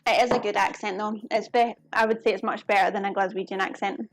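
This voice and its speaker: A woman's voice: medium pitch, steady tone, fast, dry recording, soft background music. Woman, cooking streamer, chatty and giggly, close dry sound. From United Kingdom. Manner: chatty, giggly, talks to viewers while working. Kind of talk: casual live-stream chat while cooking. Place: home kitchen.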